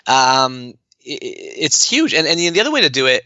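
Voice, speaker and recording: A man talking as a podcast guest, animated and fast, with lots of fillers and restarts. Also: medium pitch, dry recording, muffled recording. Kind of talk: enthusiastic conversational interview.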